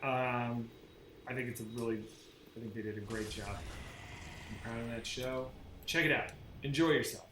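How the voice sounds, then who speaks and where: Streaming a game, this man talks in a loose, rambling way, cursing and starting over again and again. He speaks at a normal speed and medium pitch, leaving long pauses. There's a roomy quality to the audio and a faint hum of background noise.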